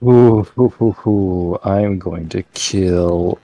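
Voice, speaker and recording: A man's voice: low voice, takes it slowly, warm tone, faint music behind. A man playing along and chatting casually, groaning in frustration. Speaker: co-player. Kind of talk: casual gameplay chat.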